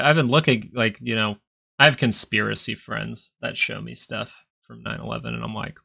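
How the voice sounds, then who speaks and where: A man's voice: mid-range voice, vocal fry, bright, forceful tone. A man hosting a live stock market stream, chatting casually and rambling between chart talk and answers to viewers. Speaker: stock market livestream host.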